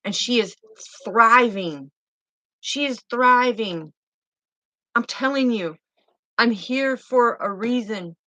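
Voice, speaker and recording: A woman's voice: a little high, takes it slowly, long pauses, pushed and bright, dry recording. A woman speaking as a spiritual healer, fervent and insistent, who repeats her key phrases and speaks bluntly. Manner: blunt, swears now and then. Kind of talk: emphatic spiritual monologue.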